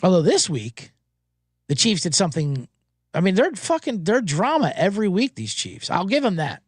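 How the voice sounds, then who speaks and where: A man's voice: sits high, wildly swooping pitch, moderate pace, husky, no echo. Guy hosting a betting recap, cursing and joking around, voice bouncing all over, dry close sound. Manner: profane, rambling, jokey, puts on mocking voices. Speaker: sports betting show host. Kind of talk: casual sports betting recap.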